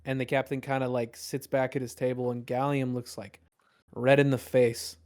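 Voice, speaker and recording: A man's voice: medium pitch, flat delivery, moderate pace, darkish tone. A man narrating a tabletop game as dungeon master, rambling with many fillers.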